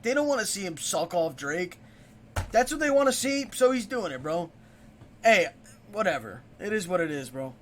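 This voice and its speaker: A male streamer reacting to a video in loose, casual talk. His voice sits high and moves a lot, and he gets heated and profane as he argues back. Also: sing-song, moderate pace, a little hiss or hum.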